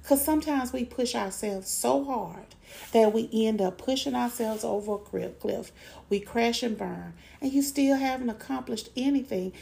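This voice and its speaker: A middle-aged woman hosting a motivational podcast, encouraging listeners and slowly repeating affirmations. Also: fairly high pitch, gravelly, dark tone. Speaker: podcast host.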